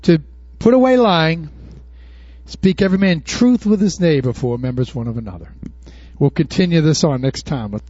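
A high-voiced male pastor preaching in a lively, swooping, folksy style and peppering the congregation with rhetorical questions. The recording is dull and lo-fi, with a dry, close sound. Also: normal speed, breathy edge, no room sound. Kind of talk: sermon.

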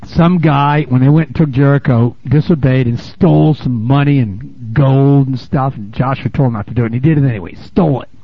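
A man preaching a sermon in a lively, conversational way, laughing and calling out "amen?" to the congregation, on a dull, lo-fi recording. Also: mid-range voice, brisk, vocal fry, hardly any pauses, slightly rough, dry recording. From United States. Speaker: pastor.

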